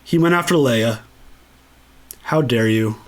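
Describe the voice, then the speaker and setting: A man's voice: mid-range voice, unhurried. A man hosting a casual movie commentary, enthusiastic and freely swearing. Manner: enthusiastic and profane. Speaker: channel host.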